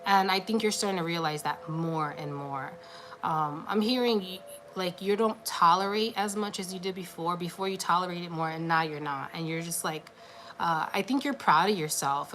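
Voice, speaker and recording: A woman with a slightly low voice gives a relaxed tarot reading, chatty and encouraging, with "like" scattered through her sentences. A faint hiss runs under her voice. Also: moderate pace. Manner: chatty and encouraging, many filler "like"s. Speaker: tarot card reader. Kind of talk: casual livestream reading.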